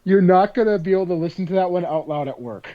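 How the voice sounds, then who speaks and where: A man's voice: sits high, fast. A man hosting a podcast in casual chat, laid-back and joking. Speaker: podcast host. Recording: dull lo-fi sound.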